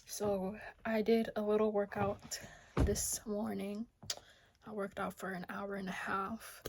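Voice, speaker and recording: A young American woman talking casually to her vlog camera, a bit out of breath, often dropping to a soft half-whisper. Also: mid-range voice, flat delivery, a little slow, a little hiss or hum. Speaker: vlogger. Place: home kitchen.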